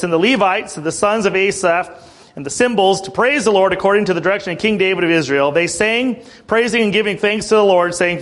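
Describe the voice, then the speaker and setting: High-voiced male preacher clearing his throat. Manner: checks in with listeners, "Okay?" and "Amen?"; reads scripture aloud, then explains it plainly. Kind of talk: sermon.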